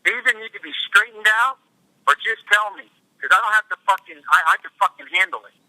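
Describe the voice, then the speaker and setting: Man, furious and cursing, high-pitched, sharply tense voice, dry close sound. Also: fast, bright, forceful tone, no room sound, rough recording. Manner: furious, profane, repeating himself. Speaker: mayor. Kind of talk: angry rant in a private meeting.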